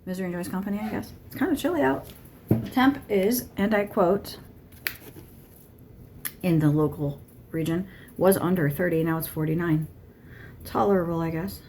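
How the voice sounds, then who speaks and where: A woman's voice: on the low side, normal speed, pauses often, darkish tone, a little hiss or hum. A woman giving a channeled monologue to camera, blunt and irritated, swearing constantly. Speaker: tarot channeler.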